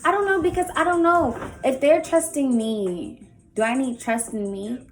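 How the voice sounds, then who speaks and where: A woman's voice: high voice, normal speed. Chatty young woman, casual vlog. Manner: chatty and candid, lots of "like". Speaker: vlogger. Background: faint music early on.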